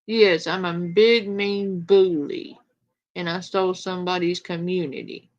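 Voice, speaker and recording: Slow-talking dismissive woman, lo-fi audio. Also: lowish voice, steady tone. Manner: dismissive and sarcastic. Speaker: online content creator. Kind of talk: casual talk to camera. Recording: dull lo-fi clip audio.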